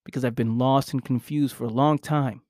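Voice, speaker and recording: A man's voice: mid-range voice, steady tone, moderate pace, a little mellow, no echo, clean studio sound. A man hosting a podcast, giving an earnest, emphatic motivational talk, repeating key phrases and swearing casually. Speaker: podcast host. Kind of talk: motivational monologue.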